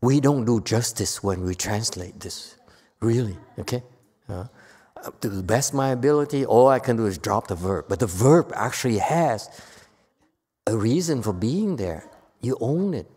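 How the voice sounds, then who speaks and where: A woman giving a Buddhist Dharma lecture to a live audience. She is emphatic and playful, swinging from quiet asides to loud outbursts. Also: a bass voice, expressive, moderate pace, breathy edge. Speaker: Buddhist teacher. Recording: echoey hall with long reverb.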